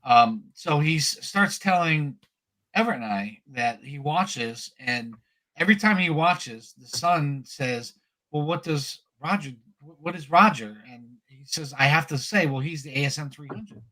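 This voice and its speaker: A man co-hosting a casual comic collectibles podcast, telling an animated story with lots of restarts and fillers. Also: a little high, measured pace. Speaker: podcast co-host.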